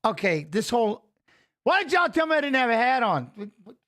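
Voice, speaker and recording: A man's voice: very high voice, big pitch swings, a little fast, bright, forceful tone. A man hosting a live watch-along stream, chatting casually and greeting viewers by name, often adding "you know what I'm saying". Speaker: livestream host.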